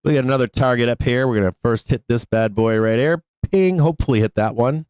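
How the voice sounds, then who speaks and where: A man's voice: mid-range voice, quick pace, a little mellow, clear, resonant tone, dry recording, low-quality recording. A man hosting a live stock trading stream, talking brashly with lots of swearing and jokes. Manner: brash and profane, joking. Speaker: live trading show host.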